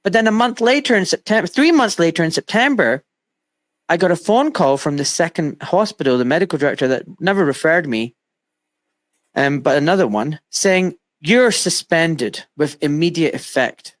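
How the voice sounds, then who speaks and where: A man's voice: on the high side, normal speed. A middle-aged man hosting an interview from his home studio, telling stories emphatically and acting out quotes. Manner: animated, emphatic storytelling with acted-out quotes. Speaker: host. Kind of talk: casual interview chat.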